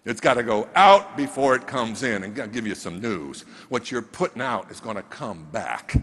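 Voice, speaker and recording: A man's voice: mid-range voice, expressive, moderate pace, few pauses, pushed and bright. A man giving an emphatic motivational stage talk, throwing rhetorical questions at the audience, heard in a large hall. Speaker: motivational speaker. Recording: long reverb of a large hall.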